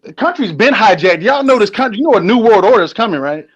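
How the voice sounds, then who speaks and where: A man calling into a live debate stream, combative and full of conspiratorial warnings. He talks fast in a high voice, heard through a dull, lo-fi connection. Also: lively intonation, breathy edge. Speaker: caller. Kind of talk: heated live call-in debate.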